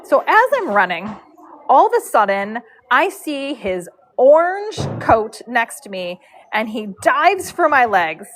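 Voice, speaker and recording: A woman telling a rambling, animated story on a casual livestream, with frequent fillers. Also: fairly high pitch, slow pace, faint music behind, low-quality recording. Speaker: horse braider and live streamer.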